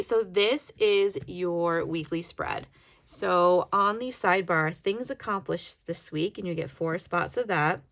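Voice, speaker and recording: Talking through a planner flip-through, a YouTuber chats and rambles, correcting herself along the way, and briefly tears up. Her voice is fairly low and fairly bright, with vocal fry.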